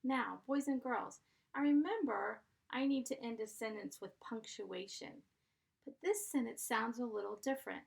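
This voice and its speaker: A woman's voice: fairly high pitch, moderate pace, gravelly. A woman teaching a first grade class, dictating sentences and patiently sounding out letters and blends.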